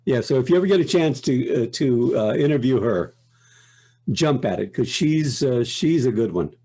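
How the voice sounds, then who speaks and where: Relaxed, mellow-voiced older man reflecting. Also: mid-range voice, slightly rough. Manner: reflective, unhurried, self-interrupting. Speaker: guest voice actor. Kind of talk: casual interview chat.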